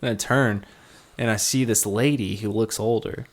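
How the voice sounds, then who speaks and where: A man's voice: lowish voice, fairly even intonation, moderate pace. A man in his twenties, a bit tipsy, telling a rambling, profane story with laughs on a casual podcast. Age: 20s. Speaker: podcast co-host.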